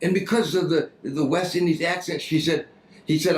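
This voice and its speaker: A man giving a talk on fundraising, telling an anecdote in a lively, story-like way. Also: fairly high pitch, brisk, reverberant, poor audio. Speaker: speaker on fundraising.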